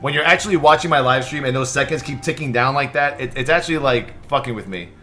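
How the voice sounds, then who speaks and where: A young man hosting a live stream, stressed and excitable, swearing and thanking subscribers in quick bursts. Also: medium pitch. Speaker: livestream host. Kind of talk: live reaction stream chatter.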